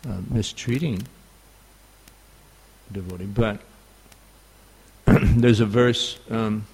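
A man with a New York accent giving a scripture class, halting and full of fillers. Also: on the low side, steady tone, darkish tone, slightly rough. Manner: halting, many fillers and restarts. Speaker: spiritual teacher.

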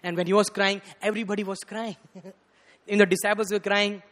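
Male preacher with a high, bright voice, animated storytelling sermon, long hall reverb. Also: fairly quick. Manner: animated, rising to loud bursts, frequent "you know".

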